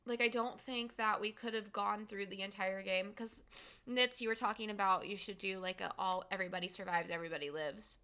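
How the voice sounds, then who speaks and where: Her mid-range voice is brisk and sharp, with fairly even intonation, as the young woman talks casually to her live-stream audience. Emotional after completing a game, she rambles along with many fillers and giggles.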